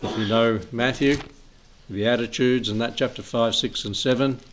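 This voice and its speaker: A man's voice: mid-range voice, steady tone, moderate pace, slight background noise. A man leading an informal Bible study, rambling, chuckling often and reading scripture aloud.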